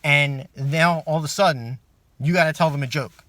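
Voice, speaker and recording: A man doing a stand-up comedy routine as a comedian, ranting and swearing, swinging from low muttered asides to loud angry outbursts. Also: moderate pace, dry recording.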